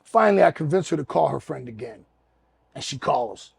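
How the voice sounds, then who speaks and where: A man co-hosting a podcast, telling an animated, profane story and acting out every scene. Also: a little high, normal speed, creaky, slight background noise. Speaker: podcast co-host. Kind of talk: casual storytelling.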